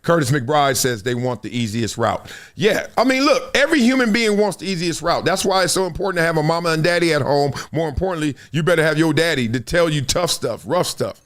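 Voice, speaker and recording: A man's voice: fairly high pitch, a little fast, few pauses. A middle-aged man from Compton hosting a casual sports talk show, telling stories animatedly and reading viewer comments. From Compton, Los Angeles. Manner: animated storytelling, swings between loud and hushed. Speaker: show host.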